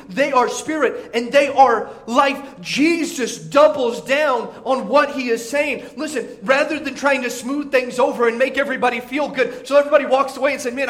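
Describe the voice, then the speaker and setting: Male preacher, very high-pitched, emphatic sermon delivery with frequent repeats. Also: a bit bright. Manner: repeats words, emphatic, acts out crowd voices.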